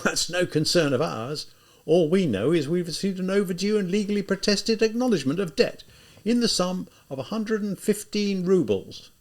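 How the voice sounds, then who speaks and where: A man's voice: high voice, vocal fry, pitched above the performer's own voice. A man voicing an officious office clerk reciting bureaucratic procedure, in an audiobook reading. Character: male office clerk, officious and matter-of-fact.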